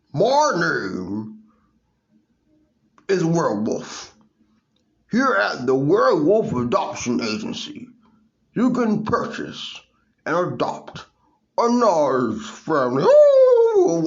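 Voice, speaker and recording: A man's voice: huge pitch swings, takes it slowly, pauses often, heavily acted. A man doing a howling werewolf salesman. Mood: salesy. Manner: rambling sales pitch broken by howls. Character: friendly male werewolf salesman who howls. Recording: dull lo-fi recording.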